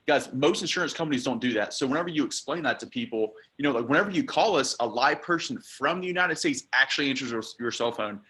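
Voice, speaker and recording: Man, sales trainer on a team call, casual coaching delivery, filler-heavy, middle pitch. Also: expressive, quick pace, few pauses, bright, forceful tone.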